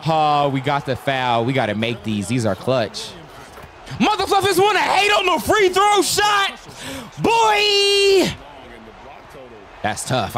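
A man giving live commentary on his own basketball video game, slangy and full of trash talk, breaking into excited yells. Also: mid-range voice. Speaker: gaming YouTuber.

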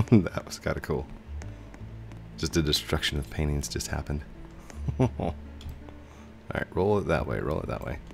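A man casually commentating a video game he plays, goofing around with silly sound effects and sudden high yelps. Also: animated, unhurried, gravelly, pauses often, darkish tone, faint music behind. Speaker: gaming YouTuber. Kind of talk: casual let's-play commentary.

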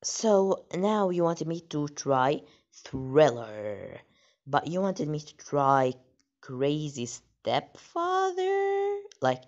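Low-voiced, slow-talking woman host. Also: animated, a little mellow. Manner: chatty, reacts with surprise. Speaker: channel host. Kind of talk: casual chat reading text stories. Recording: dull lo-fi audio.

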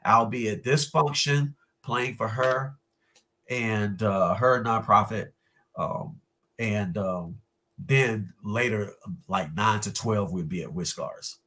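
Man, husky, lowish voice, laid-back talk full of ums. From North Carolina, USA. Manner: relaxed, halting with fillers. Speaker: guest musician. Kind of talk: casual interview chat.

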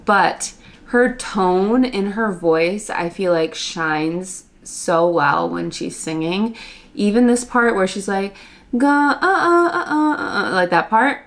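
A congested woman talks casually through a music reaction, eager and chatty, often groping for the right words. Her voice sits a little low for a woman. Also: slow pace. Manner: enthusiastic, chatty, searching for words. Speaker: reaction channel host.

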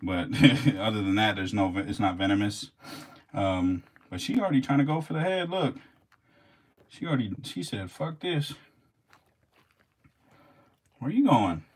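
A man's voice: lowish voice, normal speed. A man filming his snakes as they feed, laughing, swearing and talking straight to the animals in a casual vlog.

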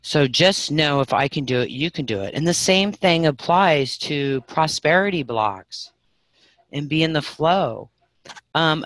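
Middle-aged woman teaching spirit stuff online, goes loud then soft, dry close sound. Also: rumbling low, dry recording. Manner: animated storytelling, swings loud and soft. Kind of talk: live online class talk.

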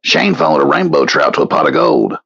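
Gravelly, husky man telling deadpan jokes. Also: medium pitch, a little fast, no echo, muffled recording. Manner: deadpan joke delivery, profane. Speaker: co-host. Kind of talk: casual comedic chat.

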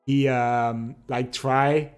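With faint music behind him, a young live streamer with a French accent chats casually at home and reads out comments. His mid-range voice is clean and level, and his English comes with pauses and restarts between frequent laughs and playful teasing.

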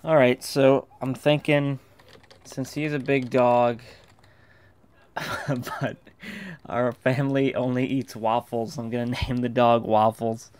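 A man's voice: medium pitch, level tone, slow pace, darkish tone, clean tone. A young man in casual game commentary, goofy and rambling, who keeps slipping into silly voices. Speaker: gaming commentator. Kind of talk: casual let's play commentary.

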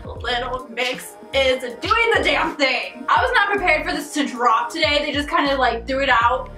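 Excitable young female vlogger, high-pitched, recorded off-mic in a roomy space over music. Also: normal speed, far from the mic. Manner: gushing, squealing, swears and laughs a lot. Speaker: music video reactor. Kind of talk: excitable reaction vlog. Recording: echoey room, voice off-mic, music playing.

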